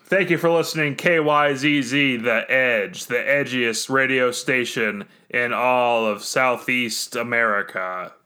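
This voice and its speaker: A man's voice: medium pitch, a little slow, few pauses, pushed and bright, clear, resonant tone. A man putting on the voice of a hyped, cheesy morning radio DJ with announcer patter.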